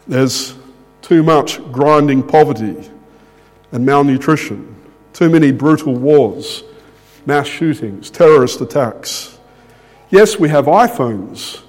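A man preaching a sermon in a slow, deliberate way with dramatic pauses. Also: medium pitch, a little mellow. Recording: long hall reverb.

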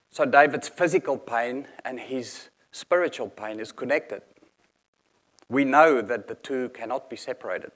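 A man's voice: medium pitch, unhurried, fairly bright tone. Earnest male preacher reading scripture. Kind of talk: sermon.

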